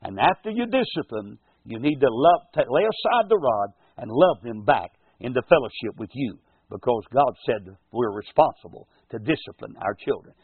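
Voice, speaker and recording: An older man preaching a folksy radio sermon as pastor and host, slowing down to quote scripture. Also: medium pitch, animated. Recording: tinny, husky lo-fi radio broadcast.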